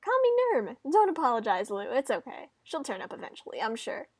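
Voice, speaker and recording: A snappy young woman, as a woman puts her on in a fan-made visual novel, who speaks bluntly and swears freely. Her voice sits fairly high and forceful, recorded close in a dry, dead room. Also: very animated, brisk, no room sound. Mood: brash. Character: brash, foul-mouthed young woman, snappy.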